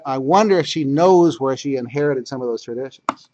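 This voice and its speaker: A man's voice: medium pitch, brisk, darkish tone, muffled recording, a little hiss or hum. A man teaching a history class as lecturer, talking conversationally and repeating key points for emphasis.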